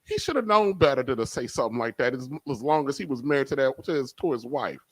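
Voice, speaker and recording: A man's voice: medium pitch, fast talker, dry recording. Easygoing guy telling a story about his grandparents, chuckles, says you know a lot, dry close sound. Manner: relaxed storyteller, laughs along, frequent "you know". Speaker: co-host. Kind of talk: casual storytelling.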